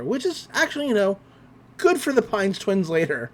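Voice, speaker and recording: Podcast host recapping a cartoon ep, lively up-and-down voice, laughs a lot. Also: mid-range voice, normal speed, pauses often. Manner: animated storytelling, laughs often, slips into character voices. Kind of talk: casual episode recap.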